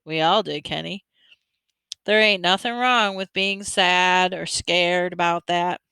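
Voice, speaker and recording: A woman's voice: lowish voice, fairly even intonation, slow pace, creaky, sharp tone, clean tone, dry recording, heavily acted. A woman reader voicing a tough teenage boy who talks slangy and bossy to his little brother. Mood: scolding. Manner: slangy, scolding, street talk.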